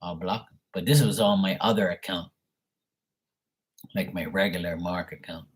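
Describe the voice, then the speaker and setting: A blunt, profane man from Bermuda talks in a casual rant, his voice low and husky. He mocks the people who message him by acting out their lines, with a tarot reader's offhand confidence. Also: steady tone, normal speed. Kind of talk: casual ranting monologue.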